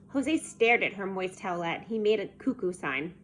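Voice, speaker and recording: A woman reading a children's chapter book aloud in a lively, expressive way. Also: medium pitch, moderate pace, slight background noise. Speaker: storybook reader.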